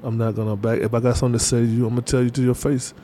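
A man's voice: mid-range voice, little pitch movement, very fast, mellow, a little hiss or hum. A man talking casually as an interview guest, in loose slang with lots of fillers and repeats. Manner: loose, repetitive street slang with many fillers. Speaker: interview guest, artist manager.

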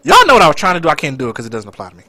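A young man co-hosting a podcast in casual chat, animated and dramatic. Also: a little high, very fast. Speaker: podcast co-host.

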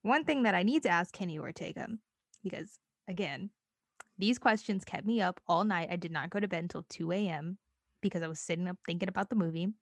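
A young woman co-hosting a casual podcast chat, animated and acting out quotes in a high squeaky voice. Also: fairly quick, no echo. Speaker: podcast co-host.

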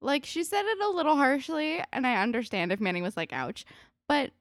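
A woman co-hosting a podcast recaps a TV episode in casual chat, using lots of fillers and swearing. She talks fast in a high voice with big pitch swings, and the studio recording is clean with no room sound.

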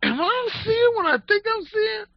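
A man voicing a stunned teenage stock boy retelling a scandal in a loud, gossipy way. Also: very high-pitched, expressive, normal speed, creaky, voice pushed up, full character voice. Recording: dull lo-fi audio.

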